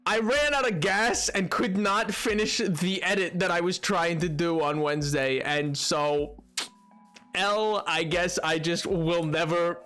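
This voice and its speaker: A man with a high-pitched, pushed, bright voice live-streams a game, chatting unhurriedly and joking playfully with his viewers. Soft music plays in the background.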